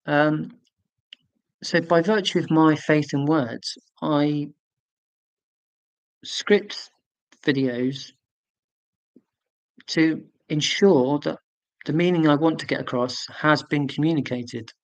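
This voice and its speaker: A man from the UK in his forties, his voice on the high side, hosts a casual live stream at a slow pace with long pauses. He rambles while replying to viewer comments, using fillers and correcting himself, and the dry recording sounds dull.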